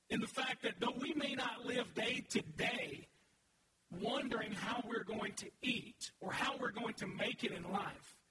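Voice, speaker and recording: High-voiced man preaching in echoey hall. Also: distant mic, noisy background. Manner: earnest, emphatic preaching with audience prompts. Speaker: pastor. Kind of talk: sermon. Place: large church sanctuary.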